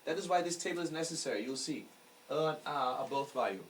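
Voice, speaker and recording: A man's voice: fairly high pitch, lively intonation, fast talker. A man teaching a lecture class, explaining patiently and often checking that the students follow. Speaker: astrology teacher. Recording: distant mic with faint background noise.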